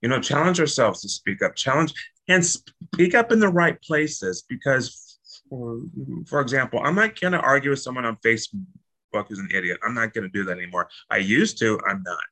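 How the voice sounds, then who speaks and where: A man hosting a casual spiritual chat, animated and jokey, blunt and swearing freely. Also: mid-range voice, moderate pace, low-quality recording.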